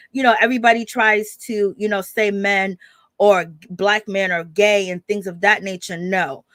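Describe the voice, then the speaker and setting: A woman's voice: fairly high pitch, fairly bright tone, no room sound. A woman hosting a casual gossip livestream, chatty and opinionated, greeting viewers from the chat and calling them baby and girl. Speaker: host of a celebrity gossip livestream. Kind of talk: casual gossip commentary, reading live chat.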